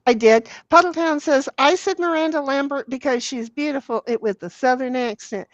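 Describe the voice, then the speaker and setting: A woman's voice: high voice, moderate pace, dry recording. A woman hosting a livestream, chatting casually, swearing freely and reading viewer messages aloud while playing a party game. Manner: swears freely, laughs often, reads chat aloud. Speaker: livestream host.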